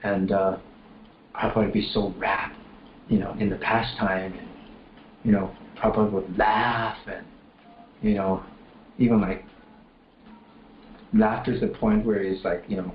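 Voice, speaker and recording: A man's voice: fairly low pitch, level tone, unhurried, long pauses. Rambling man telling stories, echoey room. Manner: rambling, many fillers and restarts, laughs while telling. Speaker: speaker at a temple class. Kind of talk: casual storytelling class. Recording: roomy echo, dull lo-fi, faint room noise.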